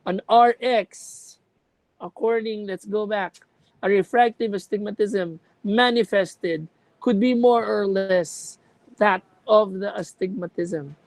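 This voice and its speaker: A woman's voice: mid-range voice, darkish tone, no echo, low-quality recording. A woman lecturing a class on contact lenses, explaining with examples and checking that students follow.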